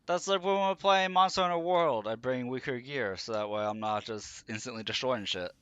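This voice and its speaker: A man streaming a game from his room, talking with viewers in an easygoing, chatty manner. His voice is bright and clean, and the sound is dry and close. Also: medium pitch, normal speed, clean tone, no echo, highs cut off. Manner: laid-back, chatty with chat viewers. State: sleepy, yawning. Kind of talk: casual gameplay commentary. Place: room at home.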